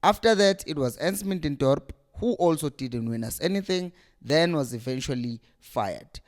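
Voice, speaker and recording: A man's voice: on the high side, animated, moderate pace, hardly any pauses. A young man hosting a fan channel, ranting with exasperation and hammering rhetorical questions. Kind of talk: passionate fan rant to camera.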